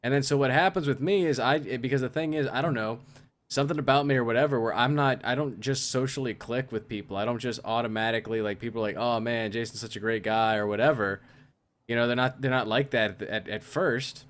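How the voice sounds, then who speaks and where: A young man co-hosting a casual podcast chat, rambling and halting, full of fillers and restarts. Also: medium pitch. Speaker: podcast co-host.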